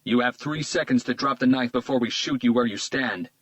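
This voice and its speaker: A man's voice: mid-range voice, fairly quick, fairly bright tone, no room sound, recorded from a distance, voice pushed up, close to an everyday voice. A man voicing a commanding male tactical team leader who barks irritated orders.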